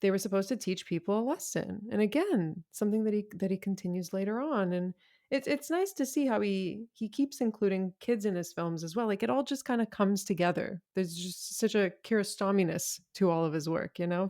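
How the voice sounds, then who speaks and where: A woman guest on a film podcast, talking casually and eagerly with quick asides. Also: medium pitch, a little mellow.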